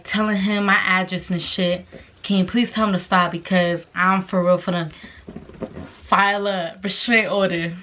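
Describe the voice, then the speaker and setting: Young woman vlogger, storytime at home late at night, cursing and exclaiming throughout, mid-pitched. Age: young adult. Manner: profane, animated, exclamatory. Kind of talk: storytime vlog.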